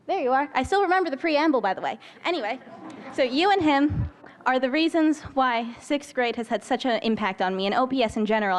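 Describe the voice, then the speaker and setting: A young woman in her late teens, a former student, giving an earnest and articulate farewell speech to a retiring teacher. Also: on the high side.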